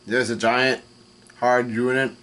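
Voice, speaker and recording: Speaking at a middle pitch, a male vlogger reacts to manga with a halting, casual recap during his reading. Restarts and fillers crop up constantly, while the quoted lines get a flat delivery.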